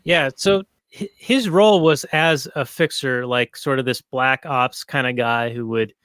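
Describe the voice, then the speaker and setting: A man's voice: mid-range voice, unhurried, fairly bright tone, smooth, no echo. Rambling man in casual chat. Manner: rambling, filler-heavy, many restarts. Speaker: podcast co-host. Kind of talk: casual movie review chat.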